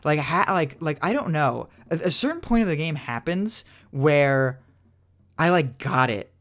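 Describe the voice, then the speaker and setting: A man's voice: on the high side, animated, unhurried, fairly bright tone. A young man co-hosting a podcast, rambling in casual chat with lots of "like" fillers and casual swearing. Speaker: podcast co-host.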